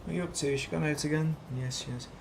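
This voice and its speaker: A man's voice: on the high side, steady tone, very fast, gravelly, slight background noise. Grumbling British man streaming a game. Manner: grumbling, muttering and swearing at the game. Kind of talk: casual gaming commentary.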